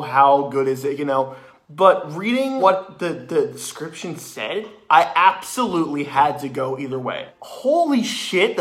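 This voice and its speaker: An excitable young man with a high voice reviews a haunted attraction for his vlog, swearing and retelling it animatedly with plenty of restarts.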